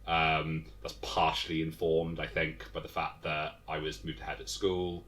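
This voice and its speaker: A man's voice: a bass voice, completely flat delivery, moderate pace, a bit bright. A young man, a game designer, talking as an interview guest in a thoughtful, hesitant way with many fillers and restarts. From England. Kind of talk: casual interview chat.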